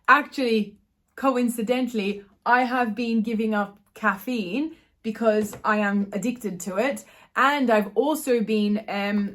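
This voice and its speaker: A fairly high-voiced woman vlogs at home into her phone's front camera. She chats casually and keeps correcting herself, then reads a short devotional text aloud in a gentle voice. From Ireland. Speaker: vlogger. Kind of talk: casual vlog with devotional reading.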